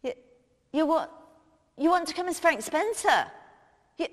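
A woman's voice: extremely high pitch, big pitch swings, a little slow, exaggerated voice. A woman playing a brash, cheeky middle-aged female cabinet minister, who chats bluntly on the phone and swears freely in a comic sketch. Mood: breezy. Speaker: comedian. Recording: long hall reverb.

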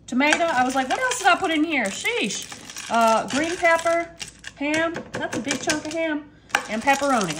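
A woman's voice: high voice, noisy background. A woman chatting casually to viewers as she cooks in her home kitchen, calling them y'all. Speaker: cooking vlogger. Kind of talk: casual cooking vlog.

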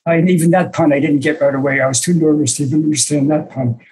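A man's voice: on the high side, steady tone, fast, a little mellow, slight background noise, low-quality recording. An older man, a senior disciple, telling reflective, self-deprecating stories to a small group over a video call, with hesitant fillers. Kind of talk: storytelling to a small online group.

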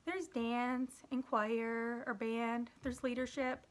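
High eager schoolgirl voice, bossy but nice, done by a lady reading a book aloud. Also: little pitch movement, slow. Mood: earnest. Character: chatty bossy schoolgirl, peacemaker. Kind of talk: read-aloud storytelling.

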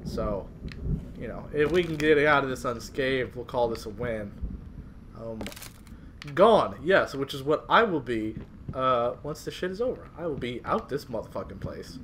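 A young man doing casual let's-play commentary on a horror game, reacting excitably and swearing a lot. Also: medium pitch, normal speed, a little hiss or hum. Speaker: gaming video host.

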